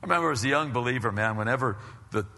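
A man's voice: mid-range voice, expressive, very fast, creaky, pushed and bright. A man preaching a sermon, telling a story and pressing his points with emphatic rises. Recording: long hall reverb.

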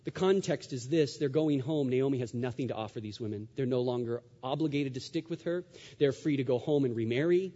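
A man delivers a sermon in a fairly high, mellow voice, pressing his points with rhetorical questions and repetition. His words ring out with a long reverb, as in a large church sanctuary. The sound is a little dull and muffled. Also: animated, brisk. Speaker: pastor.

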